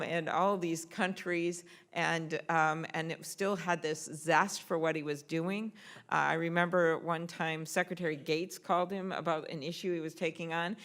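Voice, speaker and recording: A middle-aged woman senator giving a tribute speech at an award event, telling stories with frequent ums. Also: sits low. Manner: warm anecdotal storytelling, frequent ums. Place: event hall on Capitol Hill.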